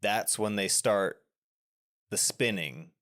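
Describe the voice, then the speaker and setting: A man's voice: fairly low pitch, slow, fairly bright tone. A man co-hosting a podcast, walking through a film scene by scene in a loose, rambling way with restarts. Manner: explains at length with many restarts and fillers. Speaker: podcast co-host. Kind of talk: casual film discussion.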